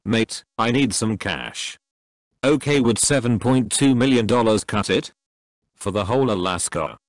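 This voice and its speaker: A man voicing a shady, smooth-talking dealmaker in a low, slow, sly voice.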